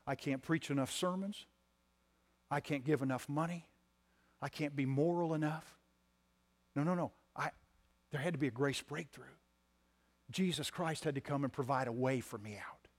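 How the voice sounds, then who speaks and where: A pastor preaching a sermon to his congregation, swinging from loud emphatic lines to quiet ones and repeating key phrases. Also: medium pitch, moderate pace, pauses often. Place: church sanctuary.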